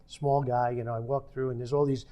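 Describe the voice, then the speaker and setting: A man's voice: mid-range voice, little pitch movement, a little fast, dark tone. An older man telling a story from his working life in a podcast conversation, acting out the quoted dialogue as he goes. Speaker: podcast guest.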